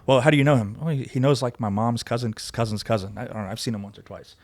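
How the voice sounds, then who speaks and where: A man guest on a podcast telling a story in casual chat, animated and profane, acting out both sides of arguments. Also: mid-range voice, fast.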